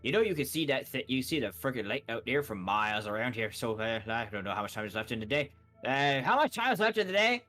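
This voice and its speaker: A man voicing a gruff male shopkeeper with a put-on Brooklyn accent and a smoky, gravelly voice, rambling as he haggles over prices in a tabletop game. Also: mid-range voice, sing-song, fast talker, hardly any pauses, bright, forceful tone, faint music behind. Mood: haggling. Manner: rambling, haggling, self-correcting. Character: gruff male human shopkeeper, haggling chain-smoker type.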